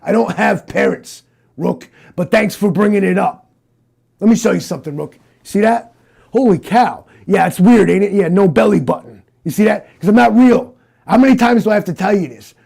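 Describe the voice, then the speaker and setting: A man puts on a gruff, cocky cyborg detective in an improvised comedy interrogation. His voice is gravelly and dark but sits a little high. He drawls, rambles and keeps saying the name of the man he is talking to. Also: moderate pace, exaggerated voice. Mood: defiant.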